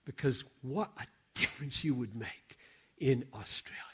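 A man preaching a sermon, swinging from hushed asides to loud, emphatic exclamations. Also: medium pitch, normal speed, noisy background.

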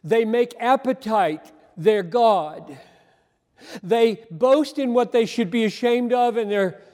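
High-voiced earnest preacher in a reverberant hall. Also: male voice, a little mellow. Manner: earnest, emphatic, with deliberate pauses. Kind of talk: sermon on a Bible passage.

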